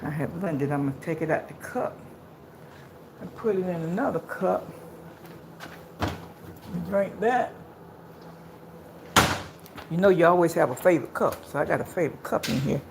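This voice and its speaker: A woman's voice: fairly low pitch, moderate pace, long pauses, noisy background. A woman chatting casually on a live phone stream while walking outdoors and then at home, rambling and repeating phrases, out of breath from walking. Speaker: vlogger. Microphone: phone camera.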